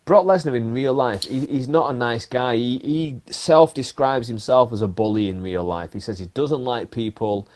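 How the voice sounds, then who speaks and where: A man hosting a podcast, telling stories in an animated, emphatic way and throwing in the odd swear word. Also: mid-range voice, normal speed, hardly any pauses. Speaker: podcast host. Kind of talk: casual chat.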